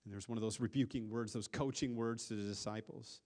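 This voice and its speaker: A pastor preaching a sermon, earnest, with a voice that swells louder and then drops to a hush, often repeating words as he restarts. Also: fairly low pitch, fairly even intonation, brisk, few pauses. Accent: Upper Midwest American.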